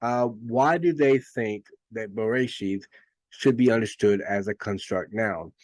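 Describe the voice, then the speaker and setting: Low-voiced man explaining with many restarts. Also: measured pace, a little mellow, no room sound. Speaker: Bible teacher. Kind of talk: informal lecture.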